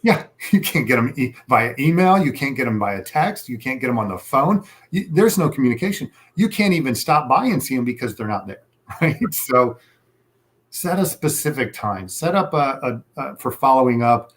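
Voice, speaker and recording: A man's voice: medium pitch, very animated, normal speed. A man speaking as a sales coach in a conversational interview, emphatic and repeating his key advice.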